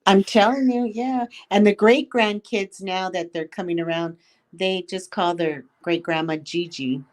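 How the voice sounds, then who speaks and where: Woman, mid-pitched voice, chatty, casual livestream talk. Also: measured pace. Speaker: livestream co-host.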